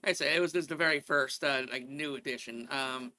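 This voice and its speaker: A man's voice: medium pitch, sharp tone, dry recording. A man chatting on a gaming podcast, rambling with many fillers as he gives his picks. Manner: fast, rambling, full of fillers. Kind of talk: casual gaming chat.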